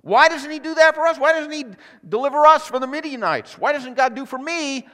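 A man's voice: on the high side, sing-song, quick pace, fairly bright tone, heavily acted. A male preacher voicing a frightened, complaining young man who protests in exasperation. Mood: exasperated. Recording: long hall reverb.

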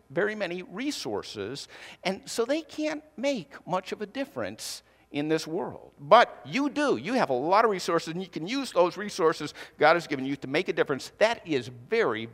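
A man's voice: sits high, in a large hall. A man preaching a sermon as pastor, conversational and teasing his congregation. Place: church hall.

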